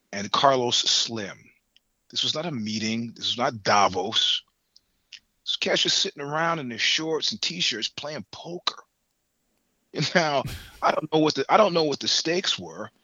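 A man's voice: medium pitch, bright, forceful tone, breathy edge, no room sound, lo-fi sound. A middle-aged man from the United States in casual chat, rambling through stories with swearing and laughter. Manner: rambling, profane, laughs between points. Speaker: podcast guest.

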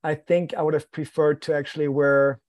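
A man's voice: a little high, moderate pace, dry recording. A man, a podcast guest, telling a story in casual chat, acting out quoted lines with self-deprecating humor. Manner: lively, acts out quoted dialogue, self-deprecating.

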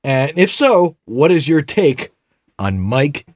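A man's voice: on the high side, very animated, takes it slowly, a little mellow, no room sound. A man co-hosting a casual tech show, reading listener questions with wry, jokey asides.

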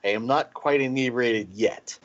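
A man's voice: medium pitch, moderate pace, a bit bright, highs cut off, slight background noise. A man co-hosting a podcast, rambling and tipsy, stumbling over repeated words in casual chat. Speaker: podcast co-host, guest.

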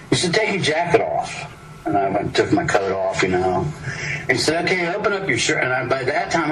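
An older man, an actor, telling a rambling anecdote in casual interview talk, acting out the people he quotes. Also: lowish voice. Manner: rambling, lively storyteller voicing quoted people. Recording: distant mic with clear background noise.

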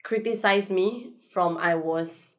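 A woman's voice: medium pitch, takes it slowly. A young adult woman talking candidly as an influencer guest in a casual podcast chat, often laughing and acting out quoted people.

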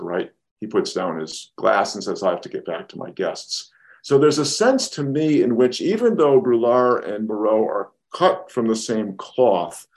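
A man's voice: lowish voice, darkish tone. A man co-hosting a podcast, talking through a film in a thoughtful way and often restarting sentences as he builds his point. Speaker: podcast co-host. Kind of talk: casual film discussion.

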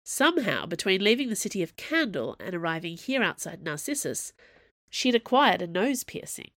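A woman narrating an audiobook in an even, wry storytelling manner. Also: mid-range voice, moderate pace, no echo, studio quality.

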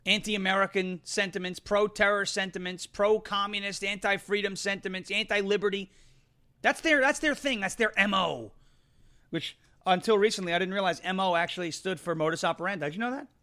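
A man's voice: sits high, sharp tone. A man hosting an opinionated political commentary show, combative and sarcastic, repeating phrases for emphasis.

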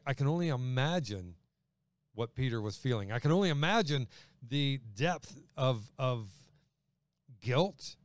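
A man's voice: medium pitch, clear, resonant tone, no echo. A man preaching a sermon in a conversational way, acting out quoted voices as he goes. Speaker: pastor.

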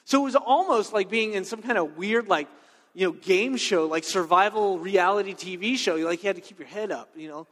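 A man preaching a sermon in a conversational, animated way, full of personal stories and checking in with "right?". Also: high-pitched. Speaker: pastor. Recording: long reverb of a large hall.

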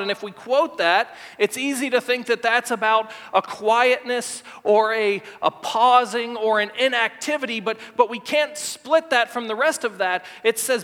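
A male pastor preaching a sermon emphatically, repeating words and slowing to stress key lines. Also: very high voice, lively intonation, bright, forceful tone. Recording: long hall reverb.

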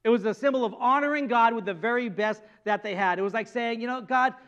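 A man's voice: extremely high pitch, fast talker, a bit bright, clean tone, dull audio. A male pastor giving a conversational sermon, asking rhetorical questions and acting out quoted speech. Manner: conversational preaching with repeated words and rhetorical questions; acts out God and the people in quoted speech.

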